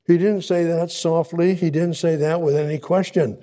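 A man preaching a sermon, expounding scripture in a deliberate way, repeating words for emphasis and swelling louder on key points, with frequent restarts. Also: fairly high pitch, fairly even intonation. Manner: halting, with frequent restarts and asides.

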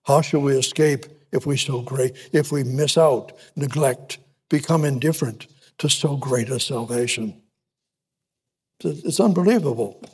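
A man preaching a sermon in an emphatic, repetitive way, with frequent restarts and halting pauses. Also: mid-range voice, a little mellow, husky.

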